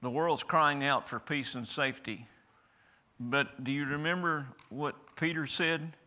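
A man's voice: fairly high pitch, steady tone, measured pace, sharp tone. A man preaching a sermon to a church congregation in a folksy, emphatic way, often asking for an amen.

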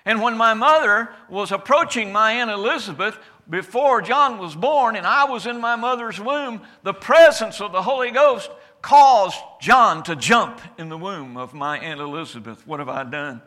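Speaking in the first person as Jesus, a calm, certain adult man gives a solemn sermon monologue. His high voice moves at a moderate pace, and his declamatory delivery swells and falls in loudness.

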